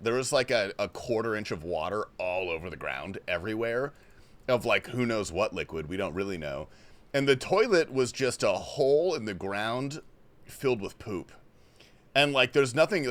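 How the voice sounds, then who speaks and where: Young male streamer from Australia, loose and profane, with a lively, bouncy delivery. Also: fairly low pitch. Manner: reads chat questions aloud and answers loosely, swearing often. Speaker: livestream host. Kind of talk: casual gaming stream chat. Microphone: headphones and desk mic.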